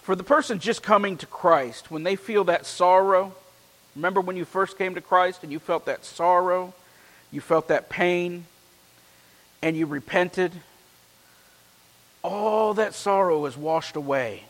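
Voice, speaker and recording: A pastor preaching a sermon. He reads scripture with strong emphasis and then drops into relaxed, joking asides. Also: sits high, a little slow, long pauses. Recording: long hall reverb.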